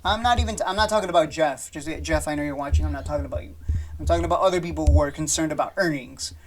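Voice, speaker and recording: A man's voice: a little high, very fast, a little hiss or hum. A man giving casual stock market commentary over charts, blunt and profane, rambling with frequent restarts. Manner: blunt, swears freely, dismissive of panic; loose and rambling with many restarts and fillers.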